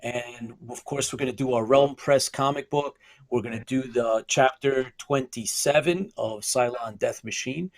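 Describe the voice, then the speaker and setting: A man's voice: medium pitch, a little slow, no room sound, rough recording. A man hosting a live sci-fi news broadcast, upbeat, greeting viewers by name and laughing often. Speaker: host.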